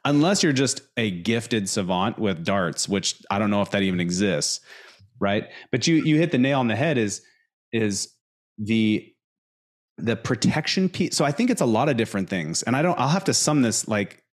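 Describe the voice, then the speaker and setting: A man in casual conversation, telling stories with lots of fillers, in an animated way. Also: lowish voice, normal speed. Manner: animated storyteller, fillers like dude. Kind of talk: casual chat.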